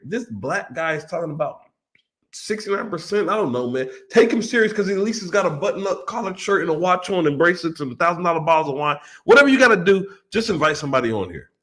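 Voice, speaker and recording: Hyped-up guy reacting to a clip, high voice, swings all over the place. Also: fast. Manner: animated, excitable, acts out quoted voices. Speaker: host reacting to a podcast clip. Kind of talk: casual reaction commentary.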